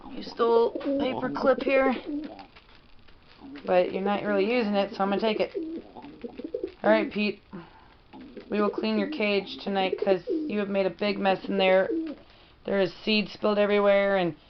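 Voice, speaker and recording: A woman's voice: mid-range voice, level tone, moderate pace, pauses often, a crowd in the background. A woman in a casual home vlog, chatting fondly to her pet pigeon as she films. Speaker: pet owner vlogger. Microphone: camera mic. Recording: dull lo-fi camera audio with noise.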